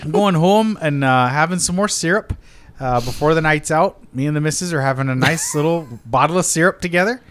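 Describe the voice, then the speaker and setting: A man voicing a syrup-guzzling Canadian man with a put-on Canadian accent, telling a rambling, deadpan, absurd story as a podcast comedy bit. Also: a little high, fairly quick, slight background noise, natural voice. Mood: goofy.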